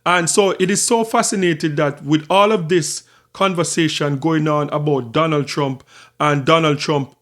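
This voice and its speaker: A man's voice: a little high, fairly even intonation, normal speed, a bit bright. A man hosting his own channel, talking through his thoughts in casual commentary and often repeating and restarting phrases. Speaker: channel host.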